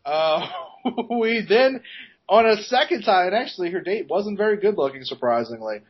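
A man with a high-pitched, breathy-edged voice tells a rambling story on a podcast. His pitch jumps around constantly as he laughs and swears through it. The recording sounds muffled and lo-fi. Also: lively intonation, normal speed, a little hiss or hum. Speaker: podcast co-host. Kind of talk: casual storytelling chat.

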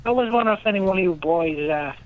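A man's voice: high-pitched, expressive, very fast, narrow, tinny audio. A man calling in and putting on the voice of a touchy Italian mafia wiseguy. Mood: sly. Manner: mobster impression, hostile questioning. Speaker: caller.

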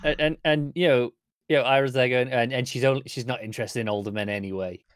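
A man's voice: mid-range voice, fairly even intonation, quick pace, clear, resonant tone, no room sound, clean studio sound. A man co-hosting a casual podcast chat, agreeing readily and chiming in with short remarks. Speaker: podcast co-host.

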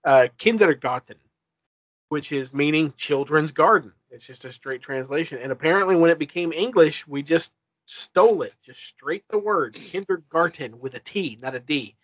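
A man's voice: fairly high pitch, lively intonation, normal speed, dry recording. A man chatting casually as a podcast co-host, rambling with lots of fillers and restarts. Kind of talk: casual chat. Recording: dull lo-fi sound.

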